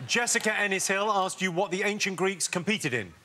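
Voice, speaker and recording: A man's voice: sits high, animated, fairly quick. A man hosting a comedy panel quiz in a TV studio, dry and teasing. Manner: dry, teasing, breaks into laughs. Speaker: quiz host. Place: TV studio with live audience. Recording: loud audience and noise.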